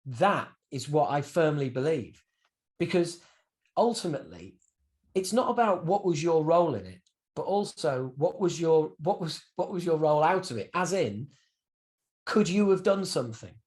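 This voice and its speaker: A man in his fifties, a guest musician telling stories animatedly in a candid interview, swearing freely. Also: moderate pace. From United Kingdom. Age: 50s. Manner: animated storyteller with swings in pitch and loudness, swears freely.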